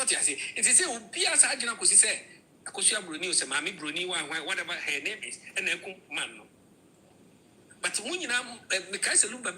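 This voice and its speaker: A woman's voice: mid-range voice, sharp tone, slight background noise, rough recording. A woman with a Ghanaian accent, switching between Twi and English in a heated, swearing opinion rant.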